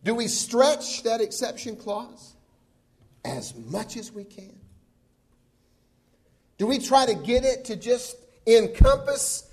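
A man with a notably high voice delivers a sermon. He talks earnestly and conversationally, putting rhetorical questions to his listeners. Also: lively intonation, slow pace, long pauses, a little mellow. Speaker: preacher.

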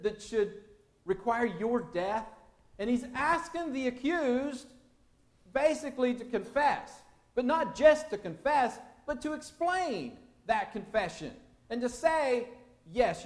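A man's voice: very high-pitched, roomy sound. A man preaching a verse-by-verse sermon, asking his listeners questions as he explains the text. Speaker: pastor. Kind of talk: expository sermon.

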